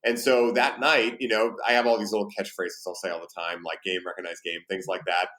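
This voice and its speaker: Fast-talking male podcast host. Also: low-pitched, little pitch movement, fairly bright tone. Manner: quick, chatty, swears casually. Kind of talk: casual interview chat.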